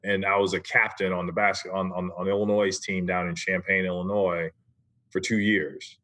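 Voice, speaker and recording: A man in his forties, a guest on a podcast, speaks with a bright, forceful tone that sits a little low. He tells his story in a relaxed, conversational way and often tags his points with "right?". The feel is a casual interview. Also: normal speed. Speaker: podcast guest, former basketball player.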